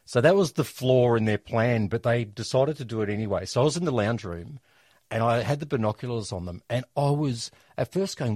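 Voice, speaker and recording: Lively Australian man telling stories. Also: medium pitch, fairly quick, no room sound, clean studio sound. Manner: animated, jokey storyteller. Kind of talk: casual storytelling chat.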